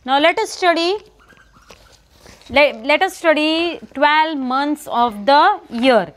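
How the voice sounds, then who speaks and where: A woman teaching a children's lesson, repeating words slowly and asking and answering her own questions. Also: high-pitched, fairly bright tone. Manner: repetitive, asks and answers her own questions, stresses pronunciation. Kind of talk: online English lesson for young children.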